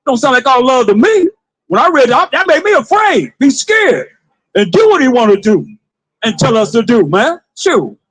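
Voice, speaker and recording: A man street preaching to passers-by, with forceful call-and-response, repeated phrases and bursts of shouting. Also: very high voice, very animated, moderate pace, rough recording. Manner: forceful call-and-response, commands a reader to read.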